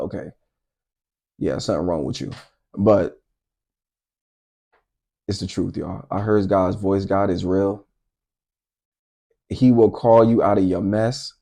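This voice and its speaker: A middle-aged man shares his testimony in a relaxed storytelling vlog, speaking straight to his audience. His voice sits low with a gravelly edge, and the tone is dark and mellow. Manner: animated, addresses viewers directly. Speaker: content creator telling his testimony. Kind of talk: casual storytelling to camera.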